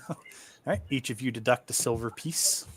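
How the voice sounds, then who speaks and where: A man's voice: mid-range voice, moderate pace, slightly rough. A man narrating as game master for an online tabletop game in a laid-back, easygoing way. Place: home setup, online stream.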